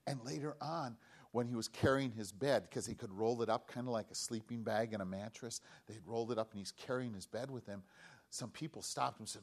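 A man preaching a children's sermon, telling a story in an animated way and asking the children questions. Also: medium pitch, a little fast. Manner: animated, asks children questions, acts out voices. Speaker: pastor giving a children's message.

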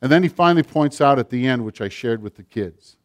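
A middle-aged man preaching a sermon, rising to loud passages and dropping to near-whispers. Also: mid-range voice, animated, fairly quick. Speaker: pastor.

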